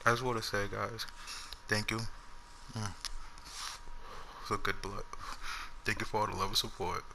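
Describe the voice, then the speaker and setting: A man's voice: on the low side, pushed and bright, slight background noise, poor audio. A young man and YouTuber telling an unscripted story to his viewers in a loose, slangy, rambling way. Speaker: gaming YouTuber.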